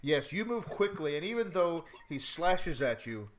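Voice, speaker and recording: A man's voice: a little high, big pitch swings, moderate pace, heavy background noise. A man running a tabletop game as game master, asking players questions and often restarting his phrases. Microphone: home mic on a live stream.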